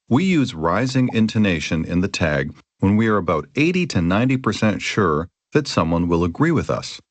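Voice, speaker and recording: A low-voiced, lively man narrates a scripted grammar lesson for lesson audio. His delivery is clear and even, with example lines acted out, and there's no echo.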